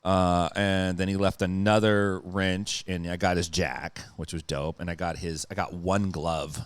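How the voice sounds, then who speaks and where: A man telling a story as a podcast guest in a rambling, profane, animated way, with fillers and sound effects. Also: sits low, unhurried, smooth, dry recording.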